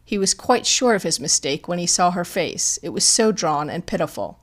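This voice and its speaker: A woman's voice: fairly low pitch, big pitch swings, normal speed. Woman narrating a classic detective story. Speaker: audiobook narrator. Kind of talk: scripted audiobook narration.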